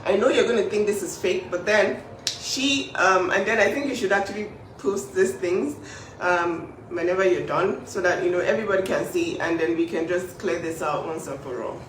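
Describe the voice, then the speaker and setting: A woman's voice: lowish voice, moderate pace, roomy sound, far from the mic, a little hiss or hum, poor audio. A young woman talking earnestly and emphatically as a big sister, defending her family in a casual social media video. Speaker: older sister speaking out.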